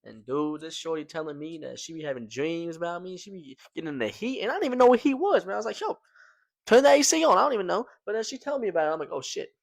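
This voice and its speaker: A man's voice: on the high side, expressive, very fast, creaky, hardly any pauses, no room sound. A young man casually telling a personal story to his viewers, slangy and loose, tossing in "man" and "right?" as he goes. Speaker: storytelling vlogger.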